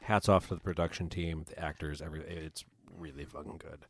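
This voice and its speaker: A man's voice: very deep voice, level tone, a little fast, breathy edge. A man co-hosting a podcast in casual chat, emphatic and swearing freely. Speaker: podcast co-host.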